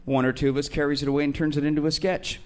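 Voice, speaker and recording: A man, a sketch comedian, answering audience questions on a comedy club stage with dry, hesitant deadpan quips. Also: on the high side, rapid-fire. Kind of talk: live stage Q&A banter.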